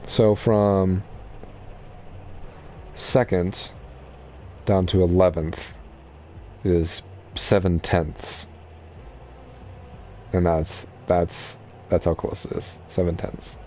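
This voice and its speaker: A man's voice: low voice, very slow, long pauses, slight background noise. A young man giving casual, chatty commentary while streaming a racing game. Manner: relaxed, chatty, explaining racing strategy.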